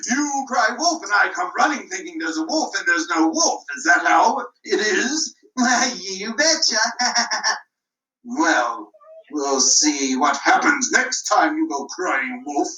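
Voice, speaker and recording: A woman's voice: lowish voice, sharp tone, reverberant, recorded from a distance, pitched below the performer's own voice, exaggerated voice, poor audio. A woman voicing a pompous, stern male village police officer who speaks in a blustery, indignant way, in a puppet show. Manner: blustery and indignant, slow deliberate speech.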